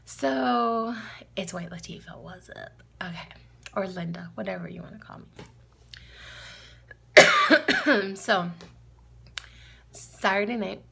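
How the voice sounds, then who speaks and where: A chatty woman with a New York accent tells a story straight to the camera. Her voice is strongly gravelly and creaky, and her delivery is animated, jumping up in pitch whenever she quotes herself. A faint hiss sits under the recording. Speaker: vlogger. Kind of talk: casual storytelling vlog.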